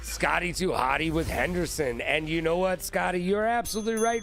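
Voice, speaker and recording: A man hosting a live-stream trivia game, excitable and profane, riffing with his chat. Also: high voice, normal speed, creaky, hardly any pauses, soft background music.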